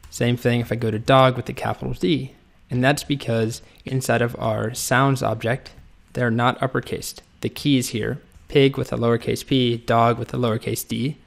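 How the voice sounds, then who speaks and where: Relaxed and methodical, a coding instructor explains each step while typing in a screen-recorded tutorial. His voice is mid-range with vocal fry.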